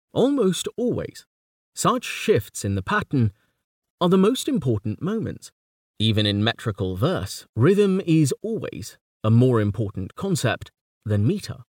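A man reading a scripted lecture in a measured, precise way, letting quoted lines of verse slow down and swell. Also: mid-range voice, dry recording, studio quality. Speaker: lecturer on poetry. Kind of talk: scripted educational narration.

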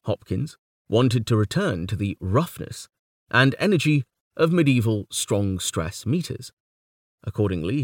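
A man narrating a book in a measured, deliberate way, his fairly low voice rising and falling a lot. The sound is dry and close, with no room echo. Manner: measured reading, reciting verse quotations with feeling. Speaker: audiobook narrator. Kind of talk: scripted narration of a book on poetry.

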